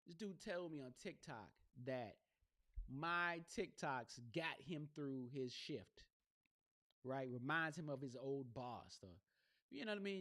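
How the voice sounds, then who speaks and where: Bright-voiced man rambling on a podcast. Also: on the high side, expressive, a little slow. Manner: loose, rambling, slangy, with lots of "you know what I mean". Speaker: podcast host. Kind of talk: casual solo podcast talk. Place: home studio with a box light. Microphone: gaming headset.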